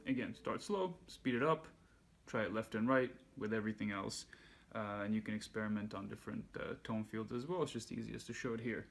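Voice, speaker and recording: A man giving a handpan lesson, calmly explaining and counting beats aloud. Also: lowish voice, a little fast, creaky. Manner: relaxed, patient explaining, counts beats aloud while playing. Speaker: handpan teacher. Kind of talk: music lesson instruction. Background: handpan music.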